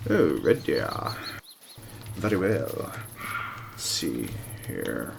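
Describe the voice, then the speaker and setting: A man's voice: extremely low pitch, huge pitch swings, very slow, creaky, noisy background. A man streaming a hunting game live, giving casual gameplay commentary with rambling, self-mocking asides.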